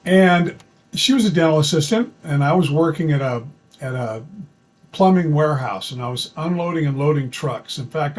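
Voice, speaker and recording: A man with a fairly high voice tells a true story from his own life, chatty and folksy, full of fillers and restarts. The recording quality is low.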